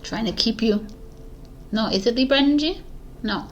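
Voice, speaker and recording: A woman tarot reader talks casually with her viewers, giggling, laughing at herself and losing her train of thought in a scattered way. Her voice is fairly high and moderately paced, with faint music behind it.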